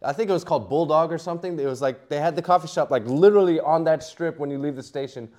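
A man's voice: fairly high pitch, fast, darkish tone. A middle-aged man, a poker player guest, telling a story casually with lots of fillers, restarts and laughter.

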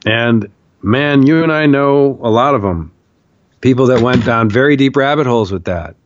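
A man recounting a vision in a podcast interview, animated and profane, acting out the quotes he tells. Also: medium pitch, normal speed, lo-fi sound, slight background noise. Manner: animated storyteller, swears, acts out shouted quotes. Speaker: podcast guest, documentarian. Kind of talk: storytelling in a long interview.

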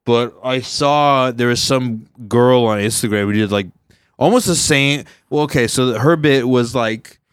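A man's voice: mid-range voice, measured pace, clean tone, no echo, clean studio sound. A young man from Southern California, a stand-up comedian hosting a podcast, chatting loosely and acting out bits in silly voices. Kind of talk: casual chat.

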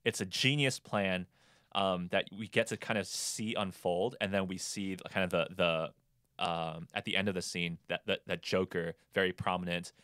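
A man's voice: low voice, steady tone, moderate pace, a bit bright, clean tone, dry recording, clean studio sound. A man co-hosting a casual movie podcast, rambling with lots of fillers and restarts. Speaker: podcast co-host.

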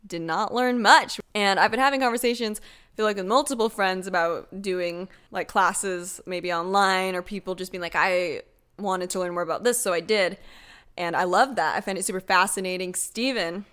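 A woman co-hosting a podcast, animated and teasing, often laughing mid-sentence in a casual chat. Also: mid-range voice, normal speed, clean tone. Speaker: podcast co-host.

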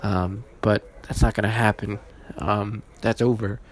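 A man hosting his own podcast, casual and halting, with many fillers and restarts, emotional and holding back tears. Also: on the low side, fairly even intonation. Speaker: podcast host.

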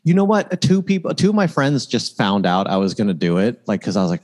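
Loose-talking man comedian, lower voice. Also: expressive, quick pace, few pauses, a little mellow. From United States. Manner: laughing, loose storytelling with many "like"s. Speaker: comedian, podcast guest. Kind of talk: casual chat.

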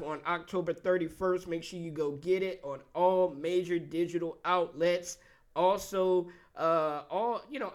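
A male host chatting casually in an interview, excitable and quick to laugh. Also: high-pitched.

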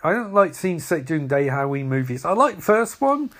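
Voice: medium pitch, big pitch swings, a little fast, fairly bright tone. Casual, profane watch-along commentator, voice bouncing up and down a lot, filler-heavy rambling. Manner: rambling, profane, frequent fillers and laughing reactions.

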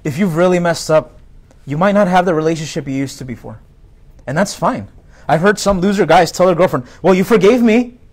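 A man's voice: on the high side, brisk, breathy edge. A male pastor preaching a sermon in a direct, conversational way, full of rhetorical questions to the congregation.

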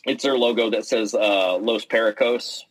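Husky-voiced man telling a story. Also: fairly low pitch, moderate pace, poor audio. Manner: animated storytelling, acts out quotes, many fillers and restarts. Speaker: interview guest, pennant maker and player. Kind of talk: casual storytelling in an interview.

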